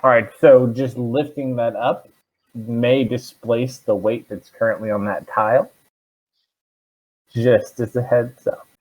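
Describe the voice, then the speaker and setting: A man's voice: medium pitch, steady tone, slow pace, a little mellow. A man as dungeon master, narrating a tabletop game and asking the players questions, thinking aloud with fillers. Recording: dull lo-fi stream audio.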